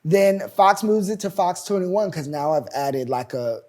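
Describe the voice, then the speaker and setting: A man's voice: high voice, a little slow. A man in his twenties, a playwright and showrunner, telling his story in a casual interview and acting out the people he quotes. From United States. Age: 20s. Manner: animated, acts out quoted voices loudly.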